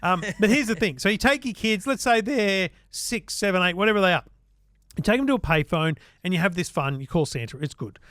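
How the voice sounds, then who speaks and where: A man's voice: high-pitched, expressive, brisk, a bit bright, no echo, studio quality. An Australian man co-hosting a tech podcast, talking casually and reading an ad in a chatty, list-running way. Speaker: podcast co-host. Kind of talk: casual tech chat and read ad.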